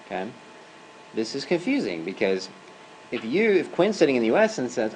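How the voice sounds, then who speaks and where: A male adjunct professor lectures a university class in a classroom, at a mid-range pitch for a man. His delivery is loose and conversational, and he keeps checking in with the students. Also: lively intonation, quick pace, a little mellow, slight background noise, rough recording.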